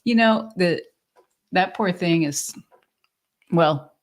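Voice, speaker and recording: A woman's voice: on the low side, slow pace. A woman co-hosting a podcast, chiming in with wry, brief remarks in casual chat. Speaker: podcast co-host.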